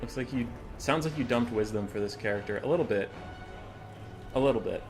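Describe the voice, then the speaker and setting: A man casting a game tournament on a live stream, chatty and excitable, swearing casually and chuckling often. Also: mid-range voice, a little fast, soft background music.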